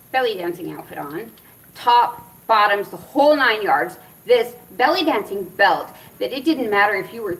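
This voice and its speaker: A woman's voice: medium pitch, far from the mic, low-quality recording. A middle-aged woman vlogger from Arizona who tells a funny story with lots of laughter, then reviews a product in a casual chat. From Arizona, USA. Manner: animated, laughs often while telling stories.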